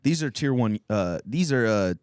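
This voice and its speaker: A man in his thirties rambles through a crude comic story, swearing freely and breaking into laughter mid-sentence. His voice sits at an ordinary middle pitch, recorded dry and close on a podcast mic. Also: expressive, normal speed, darkish tone, clean tone, no room sound. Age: 30s. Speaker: podcast host.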